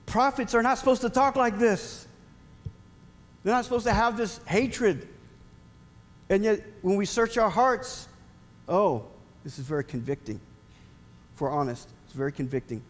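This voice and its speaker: A man preaching a sermon as pastor, animated with emphatic rising asides. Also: a little high, long reverb tail.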